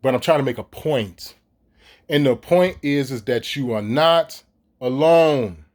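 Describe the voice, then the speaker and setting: A man's voice: mid-range voice, a little slow, a little mellow. A middle-aged man, ranting profanely and animatedly straight to his viewers in a casual vlog. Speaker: vlogger. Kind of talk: casual ranting monologue to camera.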